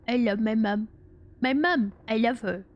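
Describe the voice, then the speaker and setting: Lady doing a dopey sweet dog voice, slow sing-song, kinda loud and high. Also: lo-fi sound, lightly acted. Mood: doting. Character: simple-minded sweet male dog who adores his mom.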